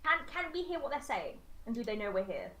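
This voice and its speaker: A woman's voice: a little high, big pitch swings, fast, a bit bright. A woman, a player in an online tabletop game, laughing and swearing through banter. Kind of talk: casual tabletop role-play chat.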